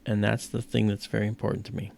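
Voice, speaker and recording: A man's voice: lowish voice, monotone, fast, vocal fry, a little mellow. A middle-aged man hosting an astronomy livestream, chatting casually and rambling with lots of "you know".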